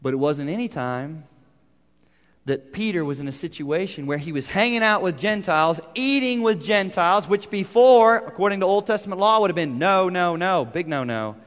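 High-voiced preaching man in a reverberant hall. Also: animated, normal speed. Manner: dramatic shifts from loud to quiet, rhetorical questions. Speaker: pastor. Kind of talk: sermon.

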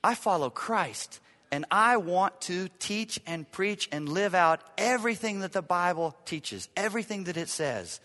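A man preaching a sermon as pastor, emphatic, repeating key lines and swinging from loud to hushed. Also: sits high, expressive, a little slow, in a large hall.

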